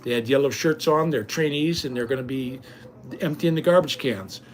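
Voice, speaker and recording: A man's voice: mid-range voice, moderate pace. An older man chatting casually to his viewers, folksy and rambling, often restarting his sentences. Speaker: vlogger.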